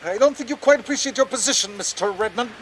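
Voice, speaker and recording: A man's voice: extremely high pitch, quick pace, a bit bright, slight background noise, low-quality recording. A man playing a nervous, prim government official who stammers and talks down in a film drama.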